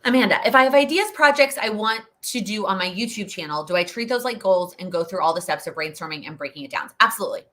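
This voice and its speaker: A woman's voice: mid-range voice, expressive, fast talker, hardly any pauses, a bit bright. A young woman hosting a live Q&A stream, chatty and rambling, laughing often as she answers questions. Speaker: host.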